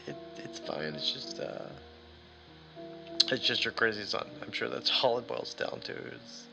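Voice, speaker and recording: Casting: a man as a lost, worn-out trucker calling home, halting and stammering, gravelly and bright. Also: medium pitch, full character voice, low-quality recording. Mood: lost, rambling. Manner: halting and stammering, with nervous laughs. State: exhausted and aching. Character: lost, shaken long-haul trucker man calling his dad. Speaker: solo tabletop game player. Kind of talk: first-person in-character monologue.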